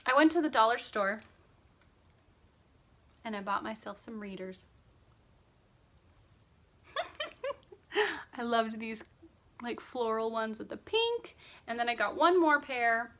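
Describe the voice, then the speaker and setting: Woman, thirties, chatty stitching vlogger, sleepy, bright crisp voice, a bit high. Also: expressive, a little slow, long pauses. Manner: chatty, upbeat, lots of fillers. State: sleepy, yawning. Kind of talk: casual chat.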